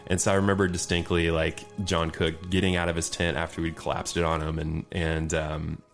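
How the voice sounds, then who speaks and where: A man, a podcast guest, telling casual anecdotes in an animated way and often laughing between them. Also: sits low, fairly quick, vocal fry, soft background music. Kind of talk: casual storytelling chat.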